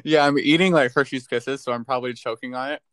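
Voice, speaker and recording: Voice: mid-range voice, steady tone, quick pace, a bit bright, no echo. A young co-host chatting casually on a podcast, laughing often and getting flustered. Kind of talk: casual chat.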